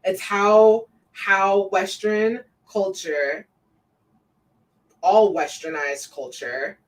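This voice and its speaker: A woman's voice: mid-range voice, very slow, recorded from a distance, low-quality recording. A woman from Colorado hosting a podcast, talking animatedly in casual conversation, laughing and swearing freely. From Colorado, USA. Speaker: podcast host.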